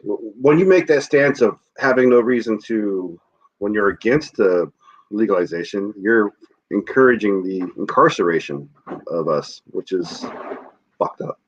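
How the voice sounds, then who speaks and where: A man's voice: fairly low pitch, expressive, unhurried, dull audio. A man co-hosting a podcast, ranting and swearing freely in casual chat. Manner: heated, swears freely, rants. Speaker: podcast co-host.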